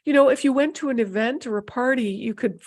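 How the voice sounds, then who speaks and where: A woman's voice: high voice, fast talker, a little mellow. Rambling middle-aged woman teaching intuition. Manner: meandering, restarts with many fillers. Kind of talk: unscripted teaching monologue.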